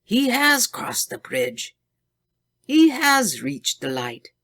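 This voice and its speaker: A woman's voice: a little high, wildly swooping pitch, slow, fairly bright tone, voice pushed up, exaggerated voice. A woman voicing an agitated older male scientist with a German accent, crying out in distress. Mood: anguished.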